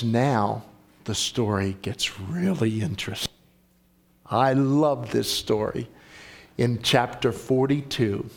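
A man preaching a sermon and reading scripture aloud, animated and acting out the story's voices. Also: fairly high pitch. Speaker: pastor.

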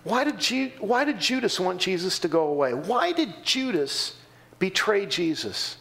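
With a gravelly, unhurried voice, a man delivers a church sermon as pastor. He animatedly performs the voices of those he quotes and of the congregation's replies, his pitch leaping suddenly.

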